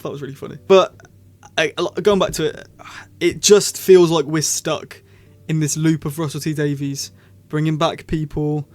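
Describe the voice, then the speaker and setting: Male reviewer, slightly high voice, chatty and rambling, self-correcting as he goes. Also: normal speed, darkish tone. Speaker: video reviewer. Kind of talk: casual spoken review.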